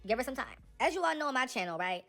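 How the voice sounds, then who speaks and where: Fast-talking animated woman vlogger. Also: high voice, gravelly, faint music behind. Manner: animated, talks straight to viewers as "y'all". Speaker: celebrity gossip vlogger. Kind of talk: casual chatty commentary.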